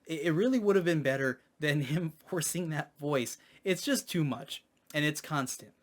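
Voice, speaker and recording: A man's voice: a little high, normal speed. A man giving a casual spoken movie review, hesitant, with many ums and restarts.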